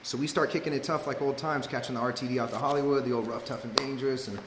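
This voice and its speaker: A man's voice: medium pitch, steady tone, fast, fairly bright tone, slight background noise. A man from Los Angeles, telling a personal story in a loose, slangy way, full of "like" and "you know.". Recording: echoey hall with long reverb, faint ambience.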